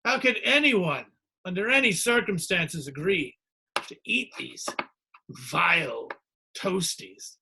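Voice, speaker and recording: A man's voice: high voice, animated, slow pace, creaky, noisy background, heavily acted. A man voicing a fussy adult who is theatrically outraged by a bowl of cereal. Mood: appalled.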